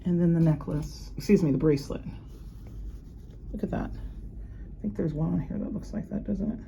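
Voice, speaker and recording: A warm but gravelly, somewhat low voice carries this casual show-and-tell, where a luxury unboxing vlogger rambles about her new jewelry at a moderate pace and laughs often. The audio is dull, with a slight hiss or hum.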